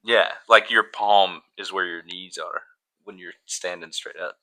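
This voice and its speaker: A man's voice: deep voice, fairly even intonation, measured pace, pushed and bright. A young man co-hosting a podcast in casual chat, posing silly hypotheticals in a playful way and laughing often. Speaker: podcast co-host.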